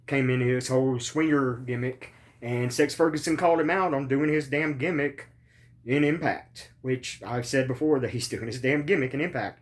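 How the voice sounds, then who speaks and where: A man hosting a podcast, in pain after surgery, rambling casually with lots of ums and swearing. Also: medium pitch. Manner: rambling, profane, many ums and uhs. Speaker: podcast host.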